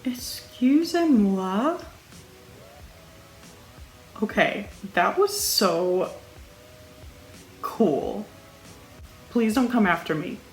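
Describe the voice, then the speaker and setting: A young woman who coaches singing, reacting casually to a music video at home, excitable and full of "like" as she restarts her sentences. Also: mid-range voice. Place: home room. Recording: echoey room, music playing behind.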